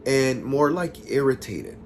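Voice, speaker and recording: A man casually retelling a listener's ghost story, chatty and expressive, with sassy asides to the audience. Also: medium pitch, takes it slowly, a little hiss or hum.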